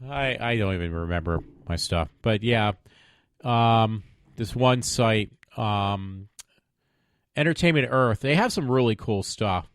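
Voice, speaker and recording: Speaking into a desk mic at home, this podcast host rambles through his own web show, full of fillers, tangents, trailing off and sarcastic mock pleading. His voice is on the low side, unhurried and smooth, with lively intonation. It sounds studio quality with no room sound.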